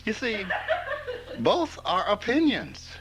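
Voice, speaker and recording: An older man gives a relaxed spiritual talk to a live audience. His slightly high voice swoops up and down with great animation. He speaks slowly, in a folksy storytelling way, chuckling as he goes. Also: noisy background. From rural Mississippi, US. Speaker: spiritual teacher.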